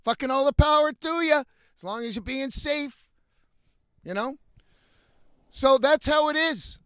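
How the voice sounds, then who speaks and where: Profane high-voiced man ranting. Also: unhurried, a bit bright, dry recording, clean studio sound. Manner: profane, blunt, frequently exasperated. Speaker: vlogger. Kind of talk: casual storytelling rant.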